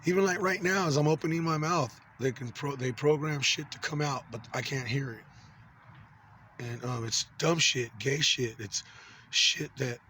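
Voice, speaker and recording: A man's voice: mid-range voice, normal speed, bright, forceful tone, slight background noise. Angry, profane man venting. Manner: angry, profane, rambling with many fillers. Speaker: vlogger. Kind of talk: unscripted monologue to camera.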